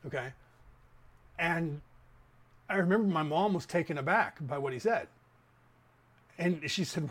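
A man's voice: fairly high pitch, measured pace, pauses often, fairly bright tone. A man in his fifties from the San Francisco Bay Area, hosting a casual opinion monologue that rambles and speaks straight to listeners. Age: 50s. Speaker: podcast host.

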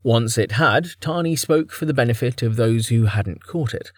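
A man narrating a fantasy audiobook chapter with expressive storytelling. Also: mid-range voice, moderate pace, no echo, studio quality. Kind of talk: scripted narration.

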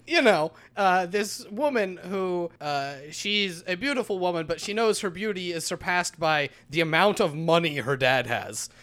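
Man, podcast co-host, casual chat, sarcastic, laughs a lot, slightly high voice. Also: expressive, normal speed, hardly any pauses, a bit bright. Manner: laughing, sarcastic storytelling with mock quotes. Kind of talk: casual chat recapping a game.

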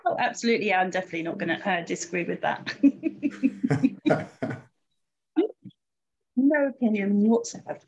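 A woman's voice: medium pitch, lively intonation, normal speed, pauses often. A woman interviewing an author, asking questions in a playful, teasing way. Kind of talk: casual interview chat. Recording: dull lo-fi line with faint noise.

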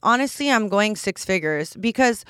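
A woman's voice: mid-range voice, lively intonation, moderate pace, fairly bright tone, clean tone, no echo, studio quality. A woman in her twenties hosting a casual solo podcast, talking candidly and bluntly with lots of "like" fillers. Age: 20s. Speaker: podcast host.

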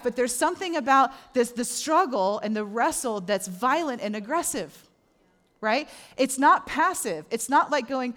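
Woman pastor, middle-aged, sermon, animated delivery, acts out quoted voices. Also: a little high, moderate pace.

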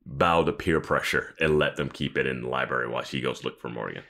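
A man's voice: very deep voice, fast, gravelly, fairly bright tone. A man co-hosting a podcast, casually recapping a TV episode with sarcastic asides and frequent laughter. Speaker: podcast co-host.

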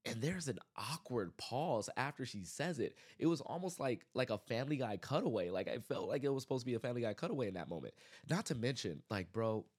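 A man hosting his own podcast, giving a casual, animated movie review full of exasperated rants and restarts. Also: mid-range voice, fast, slightly rough. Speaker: podcast host.

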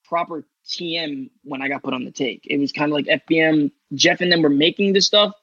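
Man from New York, rambling profane storyteller, slightly high voice, dull dry lo-fi sound. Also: brisk, sharp tone, no echo. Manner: rambling, profane, lots of fillers and restarts. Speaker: guest rider telling his story. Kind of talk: casual podcast storytelling.

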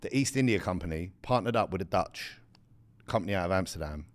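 Deep-voiced man, blunt and slangy. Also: expressive, fairly quick, dry recording, studio quality. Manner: blunt, slangy, explaining at length. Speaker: podcast co-host. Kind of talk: casual chat.

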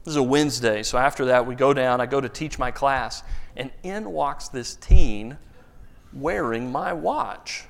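A man preaching a sermon, telling stories with lively emphasis and frequent word repeats. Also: a little slow, gravelly. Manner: animated storyteller, rises loud and high for emphasis, repeats words. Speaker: pastor.

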